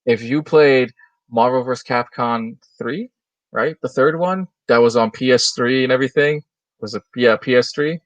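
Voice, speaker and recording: A man's voice: mid-range voice, normal speed, dry recording, lo-fi sound. A man co-hosting a toy news livestream, talking casually and loosely with a lot of enthusiasm. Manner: chatty, enthusiastic, loose and rambling. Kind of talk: casual chat.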